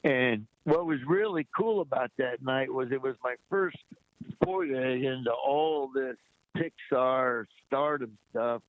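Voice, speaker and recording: Man, interview guest, animated anecdotes, acts out quotes, phone-line sound, dry. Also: mid-range voice, no room sound. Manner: lively anecdote teller who acts out quotes. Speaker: guest comedian. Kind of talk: casual interview storytelling.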